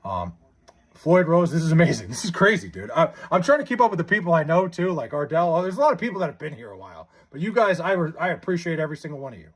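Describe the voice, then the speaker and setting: A young man live-streaming, chatting casually and reading out viewer comments, excitable and stammering with frequent restarts. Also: a little high, quick pace, husky.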